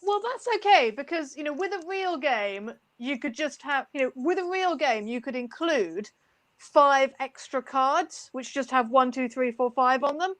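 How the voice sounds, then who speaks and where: A woman's voice: sits high, animated, a little slow, a bit bright, dry recording. A woman chatting as a guest on a video call, easygoing and reassuring. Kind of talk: casual chat.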